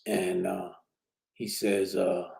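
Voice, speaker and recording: A man's voice: low voice, little pitch movement, slow, creaky, a little mellow, low-quality recording. A man casually telling a personal prison story in street slang, with many restarts and "you know what I'm saying". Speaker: podcast host telling his prison story.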